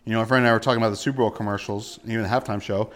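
A man's voice: on the low side, fairly even intonation, racing. A male pastor delivering a sermon emphatically, full of rhetorical questions and repeated words.

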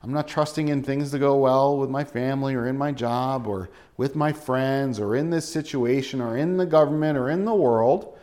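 A man preaching a sermon in a casual, joking way, acting out quotes and dropping to a soft, low voice on key points. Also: moderate pace, few pauses. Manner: conversational preaching with jokes and acted-out quotes. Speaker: pastor.

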